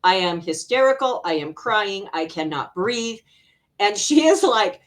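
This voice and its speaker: A middle-aged woman from Arizona, an interview guest and healer, telling personal stories in a casual, animated way with frequent laughter. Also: mid-range voice, unhurried. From Arizona, USA.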